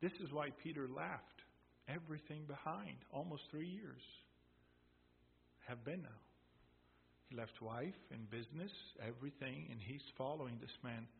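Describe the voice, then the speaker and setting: A man's voice: mid-range voice, gravelly, slight background noise. A man preaching a sermon, explaining emphatically and repeating key points. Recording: tinny phone-like sound in a reverberant hall.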